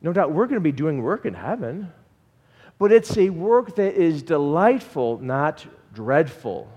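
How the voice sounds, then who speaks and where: Male pastor, lively sermon, slightly high voice, long hall reverb. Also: unhurried. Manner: animated preaching, asking the congregation questions.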